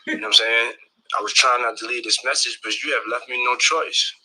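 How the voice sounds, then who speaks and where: A man's voice: mid-range voice, steady tone, brisk, bright, forceful tone, breathy edge, low-quality recording. A man leaving a blunt voice message, repeating himself and stumbling over his words. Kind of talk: recorded voice message.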